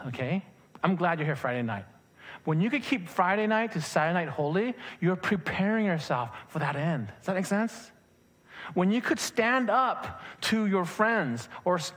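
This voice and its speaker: Animated man preaching a sermon. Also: fairly high pitch. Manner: animated preaching with rhetorical questions to the congregation. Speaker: pastor. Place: church sanctuary.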